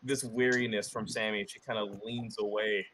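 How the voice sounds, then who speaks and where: A man's voice: lowish voice, flat delivery, moderate pace, a bit bright, a little hiss or hum. A man running a tabletop game as game master, describing the scene hesitantly with many ums and kindas.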